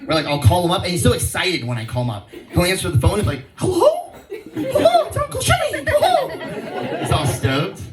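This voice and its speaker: Man in his thirties, stand-up comic, lively sing-song pitch, slightly high voice, laid-back, roomy venue, loud laughter. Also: quick pace, hardly any pauses, noisy background. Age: 30s. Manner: laid-back stoner delivery with rhyming riffs. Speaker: stand-up comedian. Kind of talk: stand-up comedy set. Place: live comedy show venue. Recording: roomy live venue, distant mic, loud crowd laughter.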